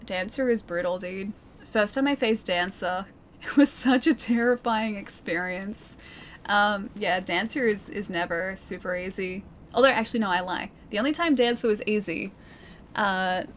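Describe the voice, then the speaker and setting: While gaming live, an Australian woman talks easily with her audience and laughs a lot. She has a mid-range voice, with slight background noise behind her.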